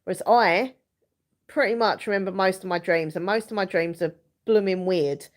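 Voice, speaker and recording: A woman's voice: medium pitch, moderate pace. A young woman hosting a casual live chat from home, rambling and giggling as she reads viewers' comments. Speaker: live stream host.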